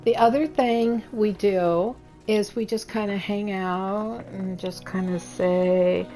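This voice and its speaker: A woman chatting casually before a game stream, teasing and halting with fillers. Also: mid-range voice, fairly even intonation, over music. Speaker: co-host and player.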